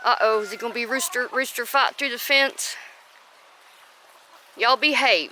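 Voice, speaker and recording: A woman's voice: fairly high pitch, moderate pace, pauses often, heavy background noise. A woman homestead vlogger chatting casually through her chores outdoors, often breaking off to coo at her chickens by name. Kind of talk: casual chat while doing farm chores. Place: outdoors at chicken and rabbit pens.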